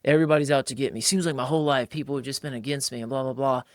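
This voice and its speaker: Animated man in dry, close podcast sound. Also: mid-range voice, rapid-fire, no room sound. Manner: animated, mimics other people's voices when quoting them; colloquial, calls listeners "bro". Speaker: podcast co-host. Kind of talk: casual conversational podcast.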